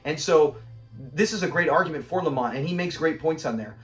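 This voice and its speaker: Guy with a high voice hyped up breaking down a tv episode, laughs a lot, faint music under. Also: animated, fairly quick, a bit bright. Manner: enthusiastic, quotes characters, laughs often. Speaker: show reviewer. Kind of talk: casual episode review.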